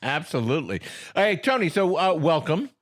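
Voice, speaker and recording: A man co-hosting a comedy podcast, joking in mock indignation and quick to laugh. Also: a little high, very animated, slight background noise. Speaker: podcast co-host. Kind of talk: comedic banter.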